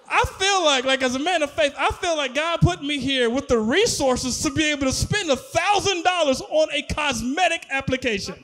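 A man performing a stand-up comedy set on stage, animated, laughing and shouting at his punchlines. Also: extremely high pitch, moderate pace, few pauses. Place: comedy stage before a live audience.

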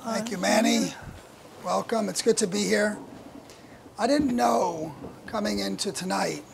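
Man, pastor, high voice, very gravelly, conversational sermon opening. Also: a little slow, very noisy. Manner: conversational, thinking aloud.

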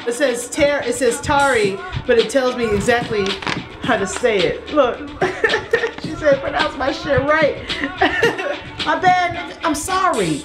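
A woman's voice: high-pitched, takes it slowly, over music. A young woman in her studio apartment unboxing packages in a casual vlog, playful and slangy, sometimes breaking into song. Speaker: vlogger.

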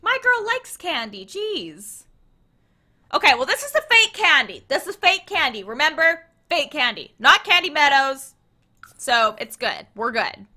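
A woman's voice: high-pitched, big pitch swings, unhurried, bright, forceful tone. A young woman giving chatty, playful commentary on her gameplay and talking to the characters on screen. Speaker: let's play host.

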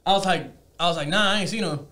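A man with a fairly high voice telling a crude anecdote in loose casual chat. He swears constantly and acts out every quote, his voice leaping up and down. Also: fast. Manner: profane, animated, acts out quotes. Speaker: podcast guest. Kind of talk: casual storytelling.

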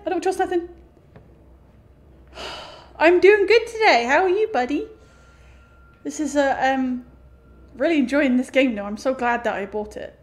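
An animated woman with a high voice speaks at a moderate pace, pausing often, while streaming a horror game. She reacts with jumpy outbursts and talks directly to the game's characters and to her audience.

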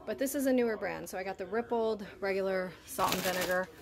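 Medium-pitched and fast, a woman's voice comes through background noise while she unpacks groceries at home for her haul video. She's a little out of breath, chatty, and talks casually to the camera, addressing viewers as "you guys."

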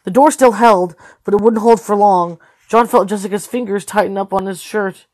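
A woman's voice: mid-range voice, moderate pace, no echo. Tired woman reading a story aloud. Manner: steady reading with occasional slips and self-corrections. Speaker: storybook reader. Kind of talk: read-aloud narration.

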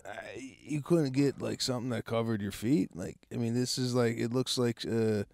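A man in loose podcast banter who stumbles and stammers before getting to his point. His pitch sits in a middling range, and the recording is dry and close. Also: fairly even intonation, moderate pace, creaky, darkish tone, no room sound. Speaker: podcast co-host. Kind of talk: casual chat.

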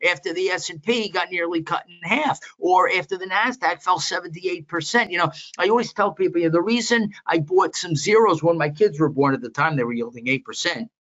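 An older man recounts his past in an interview, stopping and restarting as he goes and then getting animated. The audio is a little muffled and lo-fi. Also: high-pitched, a little fast, few pauses. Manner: rambling, animated anecdotes with many restarts. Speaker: guest, veteran market analyst. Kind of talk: storytelling interview.

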